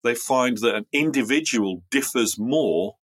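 A man's voice: mid-range voice, expressive, measured pace, breathy edge, poor audio. A man with an English accent, co-hosting a casual chat, talking loosely with fillers and restarts, declamatory when he reads aloud. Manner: declamatory when reading, chatty with fillers in talk. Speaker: podcast co-host. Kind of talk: casual chat and comic dramatic reading.

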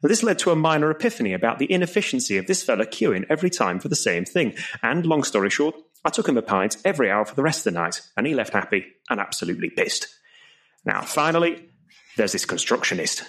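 Lively man telling jokes. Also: mid-range voice, quick pace. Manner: lively storytelling with put-on voices for characters. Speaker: comedian and compere. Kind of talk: stand-up comedy routine.

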